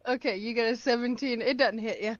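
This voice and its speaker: A woman's voice: fairly high pitch, fairly even intonation, a little fast, dry recording. A woman playing a tabletop game, describing her character's actions with animation. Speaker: player. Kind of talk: casual tabletop play. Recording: dull, muffled mic.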